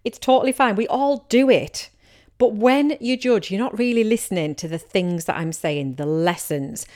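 Speaking at normal speed in a mid-range, somewhat mellow voice, this Teesside woman runs a relaxed solo podcast. She's a business coach who talks frankly and chattily, sometimes voicing what listeners may be thinking, all in Teesside English from her home region of England.

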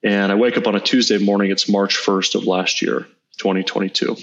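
Low, gravelly man telling a story. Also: steady tone, fairly bright tone. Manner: earnest, halting with small restarts. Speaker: guest entrepreneur. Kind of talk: reflective storytelling in an interview. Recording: slightly dull lo-fi audio.

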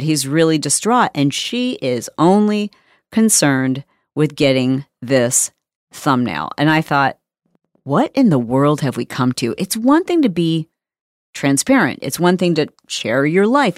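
A woman's voice: low voice, sing-song, measured pace, dry recording, clean studio sound. A woman hosting her own podcast, talking frankly and emphatically in a conversational monologue. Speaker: podcast host.

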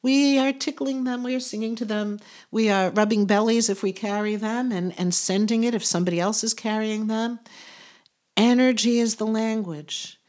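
A woman's voice: on the high side, steady tone, normal speed, darkish tone. A middle-aged woman hosting a spiritual podcast, talking in an earnest, soothing way, laughing often and trailing off as she searches for words. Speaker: podcast host and medium.

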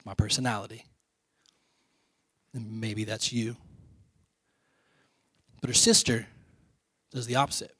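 Male pastor, relaxed chatty sermon, quizzes the room, dry close sound. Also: fairly low pitch, a little slow, long pauses, husky, no echo. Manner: conversational, quizzes the congregation, drops to soft quiet lines.

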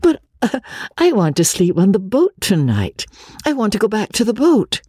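A woman's voice: medium pitch, very animated, moderate pace, mellow, breathy edge, no room sound, studio quality, pitched above the performer's own voice. A woman voicing a distressed middle-aged woman in an audiobook, speaking in an urgent, pleading way. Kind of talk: audiobook character voice.

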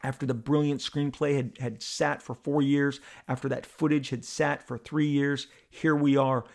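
A middle-aged man hosting a podcast, telling a personal story in an animated, halting way with many repeated words. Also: medium pitch, gravelly. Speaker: podcast host.

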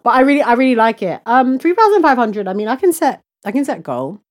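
A young woman co-hosting a podcast in casual chat, playful and quick to laugh as she riffs on a joke. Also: on the high side, sing-song. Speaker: podcast co-host.

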